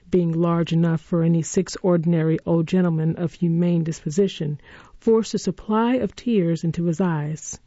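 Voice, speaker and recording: A woman narrating a classic story in a measured, expressive reading voice. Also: lowish voice, no echo. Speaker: audiobook narrator. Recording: dull, dry lo-fi recording.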